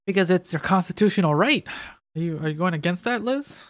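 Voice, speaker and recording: A man co-hosting a casual podcast, reading news stories aloud haltingly, with frequent stumbles and filler sounds. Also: high voice, lively intonation, a bit bright, no room sound, studio quality. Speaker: podcast co-host.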